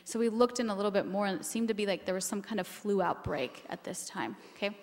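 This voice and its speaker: A woman's voice: mid-range voice, fast talker, darkish tone, big-room sound. A woman giving a keynote talk on family history, earnest and emotional, with many ums as she goes.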